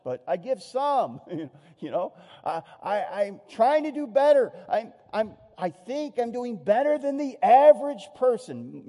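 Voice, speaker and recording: A male pastor delivers a sermon in a high-pitched yet mellow voice. He is animated and acts out the voices he quotes, then sinks soft and low at solemn points. His words ring with a long hall reverb.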